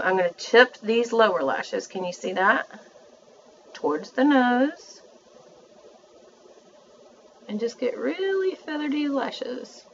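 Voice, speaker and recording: A woman's voice: fairly high pitch, lo-fi sound, slight background noise. Chatty woman doing a makeup tutorial. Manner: chatty, self-narrating, addresses viewers as y'all. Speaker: beauty vlogger.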